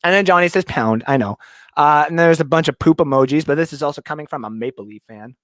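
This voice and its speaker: Speaking quickly in a fairly high voice, a young man from Canada chats on a casual livestream from his basement. He rambles and jokes while reading viewer comments, and the recording is dry and studio-clean.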